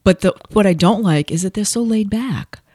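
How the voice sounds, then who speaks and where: An older woman from the area, chatting casually and talking fast and impatiently. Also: medium pitch, mellow, slightly rough, no echo, studio quality. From Boston area. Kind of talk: casual chat.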